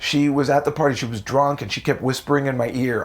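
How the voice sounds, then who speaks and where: Profane, animated male comedian storyteller. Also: fast talker. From United States. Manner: animated, profane, jumps into high voices for quotes. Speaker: comedian guest. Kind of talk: casual storytelling interview.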